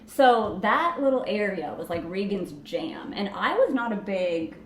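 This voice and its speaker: A woman's voice: medium pitch, very animated, unhurried. A woman guest on a podcast, giggly and emphatic in casual chat.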